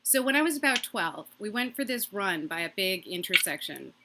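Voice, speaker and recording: A woman doing a stand-up comedy set from her own microphone on a video call, delivering quick, punchy jokes and laughing at her own lines. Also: medium pitch, sing-song, very noisy. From Massachusetts.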